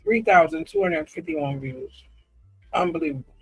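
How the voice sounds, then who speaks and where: A man talking candidly in a personal vlog, earnest and confiding, often halting with ums and restarts as he reads comments aloud. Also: extremely high pitch, huge pitch swings, creaky, a bit bright, faint music behind, poor audio. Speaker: vlogger.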